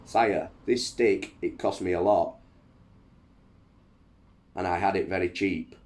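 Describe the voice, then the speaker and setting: A man with a low voice reading the polite, dryly witty replies of a male court physician in a read-aloud history passage. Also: steady tone, slow, a little mellow. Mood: deferential. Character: dry deferential male court doctor.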